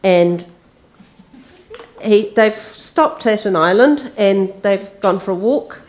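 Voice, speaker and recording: Slow-speaking woman giving a sermon. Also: mid-range voice. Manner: relaxed, conversational with fillers. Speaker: preacher. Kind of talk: sermon with story reading.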